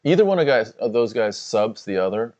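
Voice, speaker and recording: Male co-host with a lower voice, casual and easygoing, laughs often, reads viewer chat. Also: very animated, brisk, darkish tone, highs cut off. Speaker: co-host of a fight watch-along. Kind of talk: casual livestream commentary.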